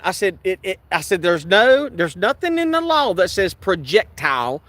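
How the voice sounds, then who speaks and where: Sitting in a vehicle, a video creator angrily recounts a police stop and arrest in the first person, restarting and repeating himself as he acts out the exchanges. His voice is high, sing-song, pushed and bright at a normal speed, with no echo.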